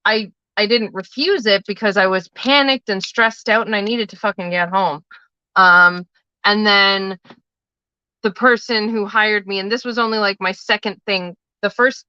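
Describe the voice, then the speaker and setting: A woman talks off the cuff on a livestream, drifting from story to story and tossing in the odd swear word. Her voice is bright and forward. The sound is dry and a little dull, like a lo-fi stream. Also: mid-range voice, clear, resonant tone, no room sound. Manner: rambling, chatty storytelling with casual swearing. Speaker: livestream host and tarot reader. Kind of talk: casual live-stream chat.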